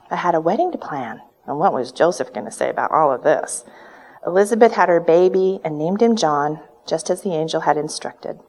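A woman's voice: on the low side, darkish tone. A woman performing a first-person dramatic monologue, earnest and full of reverent wonder. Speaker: storyteller in character.

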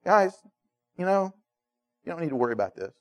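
A man voicing Jesus as a calm, reassuring teacher during a sermon. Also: high-pitched, a little slow, clean tone. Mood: soothing.

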